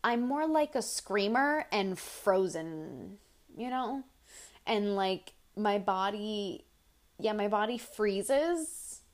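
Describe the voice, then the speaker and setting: A young woman chatting on her solo podcast in an unhurried, meandering way. She strings her stories together with plenty of likes and ums, circling back on her own words. Her voice sits at an ordinary middle pitch. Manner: rambling, animated storytelling with filler words. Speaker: podcast host. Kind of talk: casual solo podcast chat.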